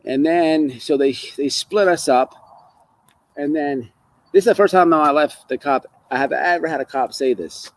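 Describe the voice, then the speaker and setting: A man telling a story in a casual live chat, halting and restarting his sentences. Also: medium pitch, rough recording. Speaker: co-host.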